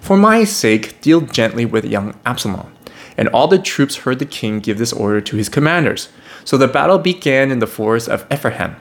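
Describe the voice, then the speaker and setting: A man teaching a Bible lesson, reading passages aloud and breaking in with wry, conversational remarks. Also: mid-range voice. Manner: animated, wry, conversational asides. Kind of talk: reading scripture with casual commentary.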